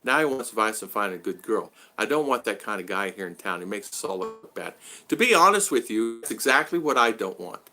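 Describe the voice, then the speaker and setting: Bright-voiced rambling middle-aged man. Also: lowish voice, sing-song, brisk. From United States. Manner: rambling, repeats himself. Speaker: vlogger. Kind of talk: casual livestream chat.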